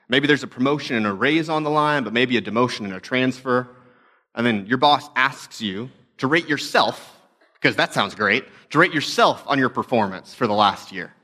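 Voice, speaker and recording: A man's voice: mid-range voice, sharp tone. A young adult man, a pastor, telling stories in a conversational, self-deprecating sermon talk.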